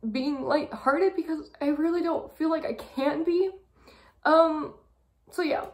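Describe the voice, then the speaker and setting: A young woman talking through a personal month-review vlog, halting and full of fillers, fighting back tears. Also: sits high. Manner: halting, with many fillers and pauses. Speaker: vlogger.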